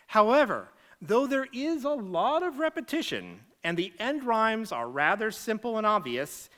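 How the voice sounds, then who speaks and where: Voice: medium pitch, a bit bright. A faculty member giving a TED-style lecture, explaining in close scholarly detail and tapping out rhythms aloud.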